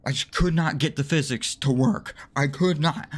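A man commentating his own gameplay, swearing and mocking himself in exasperated rants, with sudden high yelps when frustrated. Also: normal speed. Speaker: let's play gamer.

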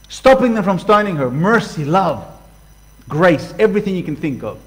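A man preaching a sermon passionately, swinging from loud outbursts to hushed lines and acting out voices. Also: sits high, rough recording. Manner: acts out voices for illustration. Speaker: pastor.

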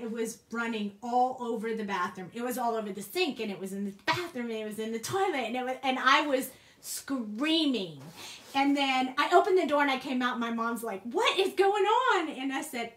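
A woman hosting a crafting video, telling a lively story in a casual way, laughing often and acting out the people she quotes. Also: a little high. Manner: animated, laughs often, acts out quoted voices. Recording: echoey room.

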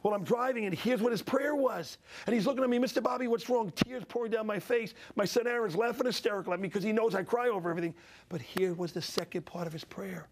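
A man's voice: high voice, quick pace. A middle-aged man telling emotional stories with passion and a preacher's repetition. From Italian-American. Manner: passionate, preacherly, repeats phrases for emphasis. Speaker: guest speaker. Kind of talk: emotional storytelling.

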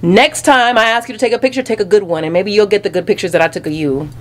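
A young woman with a Southern US accent talks straight to her camera in a chatty, sassy vlog style, peppering her speech with "honey" and "y'all." Her pitch sits in an ordinary middle range. A faint background noise runs under the recording. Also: fast. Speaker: vlogger. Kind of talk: casual vlog chat. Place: home closet.

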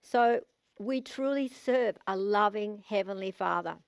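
An Australian woman in middle age delivers a sermon, reading long scripture passages aloud. She leans hard on key phrases, slowing down and repeating them for emphasis. Her voice sits at an ordinary middle pitch and is recorded close and dry, with no room sound. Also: clean tone, no echo. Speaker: preacher.

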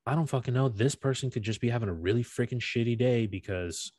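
A young man co-hosting a casual podcast chat, telling stories with lots of swearing and laughter, his voice rising into animated impressions. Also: medium pitch, fast, husky, no echo, clean studio sound. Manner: animated storytelling, swears freely, laughs often. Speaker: podcast co-host.

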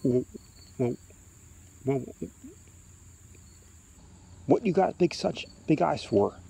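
A man's voice: mid-range voice, expressive, fairly quick, mellow, breathy edge. A man voicing a frightened young boy who asks anxious questions. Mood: nervous.

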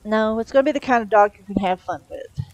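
A woman's voice: mid-range voice, fast, darkish tone, no room sound, dull audio, pitched above the performer's own voice, close to an everyday voice. Brief: woman reader playing confident kid leader, firm and matter-of-fact, dry close sound. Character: confident eleven-year-old boy leader.

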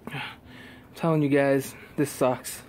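A man recording a casual vlog outdoors in a driveway, out of breath and talking in halting, quiet, earnest phrases. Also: medium pitch, level tone, noisy background. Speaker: vlogger. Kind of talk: casual vlog talk to camera.

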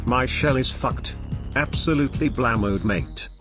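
A man's voice: medium pitch, a little slow, lightly acted. A man voicing a furious, foul-mouthed male snail with a cracked shell, ranting and boasting in a comedy sketch clip. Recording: played over music.

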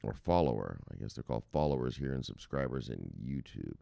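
A man's voice: very deep voice, lively intonation, a little fast, gravelly, mellow, dry recording. A man hosting a crypto news channel, chatting casually and rambling as he reacts to market charts, swearing often and getting hyped. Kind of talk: casual chat, live market commentary.

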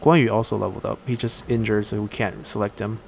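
A man giving casual let's-play commentary while he plays a strategy game, thinking aloud and pausing often on fillers. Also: fairly low pitch, steady tone, creaky, a little mellow, slight background noise. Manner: thinks aloud, halting with frequent "uh".

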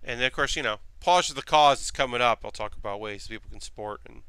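A man chats casually on a live stream, rambling and circling back over his own sentences. His voice is very bright and smooth, recorded dry and close, and it sinks to a low mutter whenever he focuses on the piece in his hands. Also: fast, dry recording. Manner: rambling, thinks aloud with frequent restarts and fillers; drops to a quiet mutter while focused on handiwork.

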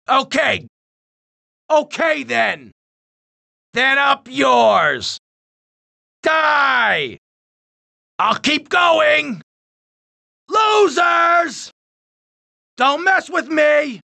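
A volatile middle-aged gangster with a gravelly, rough-edged voice, spitting out short taunts and threats. The tone sits high and bright for a man, and he takes his time with each line. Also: heavily acted. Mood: shouting rage. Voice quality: gravelly, menacing. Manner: taunting and hostile, short barked lines. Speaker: video game character. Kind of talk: game voice lines.

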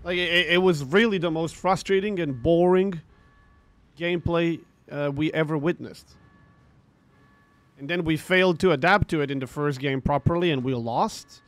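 A man's voice: fairly high pitch, moderate pace. A man ranting about a tournament over gameplay, frustrated and swearing, repeating himself as he tells the story. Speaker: gaming streamer.

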